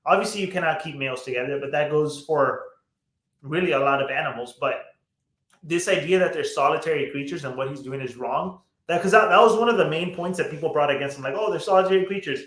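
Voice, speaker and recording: A man's voice: fairly high pitch, quick pace, a bit bright. Blunt, swearing man in an echoey room. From United States. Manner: blunt, swears a lot, fillers and restarts. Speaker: podcast co-host. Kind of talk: casual podcast chat.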